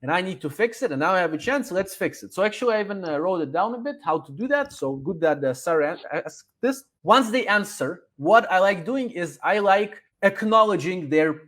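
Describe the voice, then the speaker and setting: A man with a notably high voice talks through his advice in a loose, conversational way. He is animated and acts out example messages as he goes. He often stumbles into restarts mid-sentence. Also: brisk, few pauses. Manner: animated, acts out sample customer emails; frequent restarts and hesitations. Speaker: podcast guest, online seller coach. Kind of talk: casual webinar explanation.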